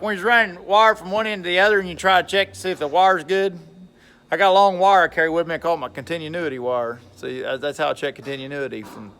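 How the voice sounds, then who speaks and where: A man's voice: on the high side, vocal fry, a bit bright, slight background noise. A man talking casually in a vlog about his mill work, rambling and folksy, chuckling often. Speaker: logger and mill worker vlogger.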